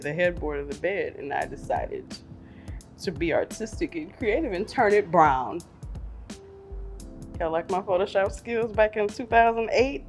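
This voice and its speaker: A middle-aged woman chatting casually on her vlog, animated and self-mocking, laughing often. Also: medium pitch. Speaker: vlogger. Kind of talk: casual chat reviewing old photos.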